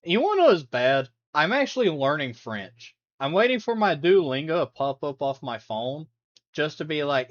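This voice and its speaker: A man's voice: fairly high pitch, very animated, normal speed, highs cut off. A man chatting casually on a live stream while reacting to videos, rambling, laughing and humming along.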